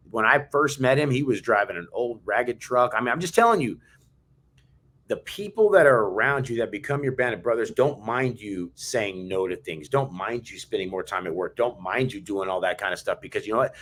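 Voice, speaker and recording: A man's voice: lowish voice, fairly quick, a bit bright. A man co-hosting a podcast, telling stories in a fired-up, emphatic way. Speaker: podcast co-host. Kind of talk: casual chat.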